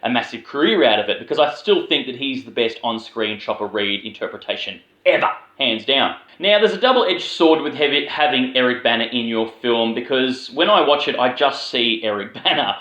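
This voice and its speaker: A man's voice: medium pitch, lively intonation, normal speed, hardly any pauses, bright, forceful tone, reverberant, poor audio. An Australian man giving a casual, rambling film review, with plenty of swearing and filler words. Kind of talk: casual spoken movie review.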